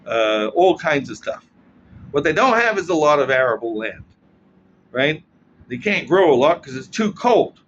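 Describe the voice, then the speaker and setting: A man with a fairly high, lively voice talks through his points in a blunt, sardonic monologue and ends a lot of his sentences with "right?". The recording is muffled and lo-fi, with a faint hiss of room noise underneath. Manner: keeps checking in with "right?" tag questions. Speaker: political commentator. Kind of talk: casual explanatory monologue.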